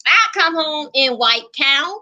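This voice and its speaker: High, bright-voiced woman telling a rowdy story. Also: a little slow. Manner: loud, salty, emphatic, repeats phrases for effect. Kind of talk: comic personal storytelling.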